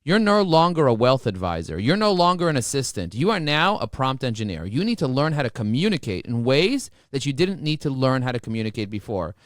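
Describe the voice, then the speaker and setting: A man talking as a podcast guest, emphatic and motivational, often repeating words as he rushes ahead. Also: medium pitch, dry recording, studio quality. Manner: repeats words when excited. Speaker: podcast guest, marketing expert. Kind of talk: energetic podcast interview.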